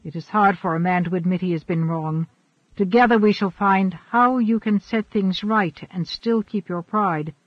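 A man reading the part of a stern old shaman in an audiobook, speaking gravely and in a measured way. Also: no echo, natural voice. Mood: gentle. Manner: measured, grave, low-spoken. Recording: dull, dry recording.

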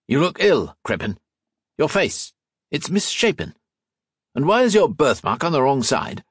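Man doing gruff army sergeant, commanding, higher pitch, husky edge. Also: big pitch swings, a little slow, dry recording, studio quality, heavily acted. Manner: barking orders.

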